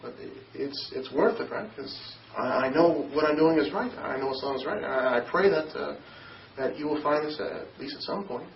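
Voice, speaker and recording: Young man telling his story, halting. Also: on the high side, gravelly. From Newfoundland, Canada. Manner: halting, repeats words and restarts often. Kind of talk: personal testimony. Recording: distant echoey dull recording, faint noise.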